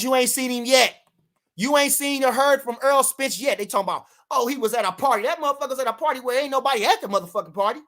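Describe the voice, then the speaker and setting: Brash, profane male streamer, hammering points home by repetition. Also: sits high. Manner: animated, brash, profane, repeats himself for emphasis. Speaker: boxing commentator reading live chat. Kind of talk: casual livestream chat.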